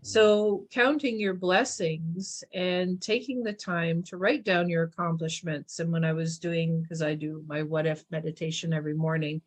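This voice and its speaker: A woman hosting a podcast, talking casually about gratitude and acting out quoted voices with big swings in pitch. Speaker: podcast host. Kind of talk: casual spiritual chat.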